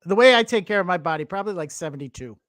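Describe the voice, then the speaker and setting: Teasing high-voiced man co-host. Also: animated, a bit bright, no echo. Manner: teasing, quick interjections. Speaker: podcast co-host. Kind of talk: casual chat. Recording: dry close sound.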